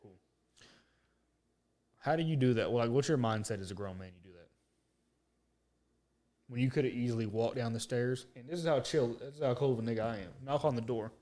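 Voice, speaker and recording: Mid-range in pitch and fairly quick, this man pauses often as he co-hosts a podcast. He tells a story in relaxed, foul-mouthed talk, acting out the quotes in a lively way.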